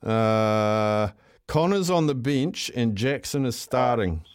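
A man's voice: mid-range voice, lively intonation, slow pace, smooth, dry recording, clean studio sound. A man with a New Zealand accent hosting a casual radio call-in show, chatty and upbeat with callers. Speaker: radio host.

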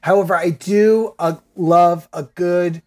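A man's voice: high voice, fairly even intonation, slow pace, darkish tone. A man guesting on a podcast in casual chat, sharing enthusiastic opinions and swearing freely.

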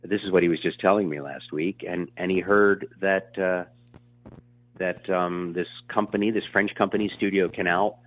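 A man in his sixties telling stories in an interview, rambling and animated, with many fillers and restarts. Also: low-pitched, moderate pace. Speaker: actor being interviewed. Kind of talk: casual storytelling interview. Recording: tinny phone line.

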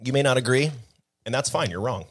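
A man's voice: mid-range voice, animated, fairly quick. A man co-hosting a podcast in casual chat, joking and swearing freely. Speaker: podcast co-host.

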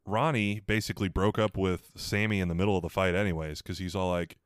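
A man's voice: deep voice, fairly quick, hardly any pauses, clean tone, no echo. A man co-hosting a podcast, chiming in with mocking impressions while recapping a reality show. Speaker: podcast co-host.

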